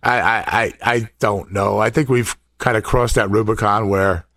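A man's voice: fairly low pitch, steady tone, fairly bright tone, no echo, clean studio sound. A man co-hosting a political talk show, chiming in agreeably and often stammering through restarts. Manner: halting, stammering, agreeable interjections. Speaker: co-host.

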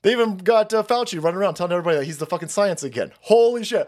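A man's voice: sits high, big pitch swings, fast, hardly any pauses. A man hosting a live stream, ranting in a profane, sarcastic way. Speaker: streamer host.

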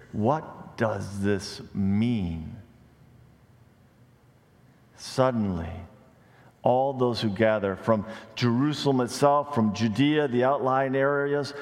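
A pastor delivers his sermon in a mid-pitched voice, climbing high on questions and dropping low to press a point. He drifts into casual, joking asides between the preaching. His voice rings out with a long reverb from a large church sanctuary. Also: darkish tone. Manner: conversational asides with light humor.

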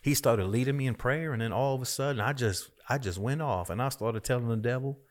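A minister appears as a guest in a conversation, sharing his personal testimony. His mid-range voice moves fairly quickly, and he tells the story emphatically, repeating himself as he goes.

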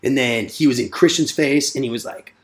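Fast-talking, profane man telling a story. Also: medium pitch. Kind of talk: casual storytelling among friends.

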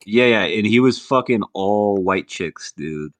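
Low-voiced insistent man. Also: lively intonation, a little slow. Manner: insistent, keeps saying dude. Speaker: podcast co-host. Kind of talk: casual argumentative banter.

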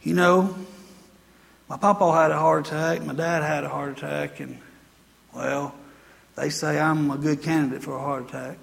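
Gloomy complaining wife, grumbling, low and self-pitying, a man doing the voice, big church reverb. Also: fairly even intonation, moderate pace, gravelly, pauses often, a bit bright. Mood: glum grumbling.

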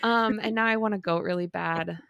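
A woman's voice: medium pitch, fairly quick, gravelly, a bit bright, smooth, muffled recording. A woman co-hosting a podcast, chatting casually and playfully with plenty of fillers. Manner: playful, rambling, lots of fillers. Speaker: podcast co-host. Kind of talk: casual chat.

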